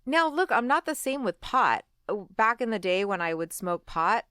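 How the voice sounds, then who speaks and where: A woman's voice: sing-song, normal speed, clean tone, dry recording, clean studio sound. A woman in her forties telling a personal story in a candid, conversational interview, full of "like" and "you know", often acting out what she said back then. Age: 40s. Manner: conversational, fillers like "like" and "you know", acts out her own past lines; drops quiet and low when recalling regret. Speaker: guest.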